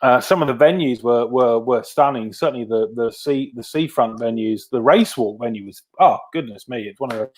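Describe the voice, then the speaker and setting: A man's voice: medium pitch, brisk, few pauses. A man and veteran venue producer telling anecdotes over a video call. He speaks with a self-deprecating humor and frequently uses fillers and restarts his sentences. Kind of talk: casual storytelling interview.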